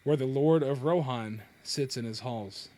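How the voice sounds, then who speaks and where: A man reading aloud as a great eagle lord, proud and swift, speaking in a storybook way. The voice sits at an ordinary middle pitch for a man. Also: a little slow, warm tone, lightly acted. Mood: stately. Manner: read-aloud storytelling delivery.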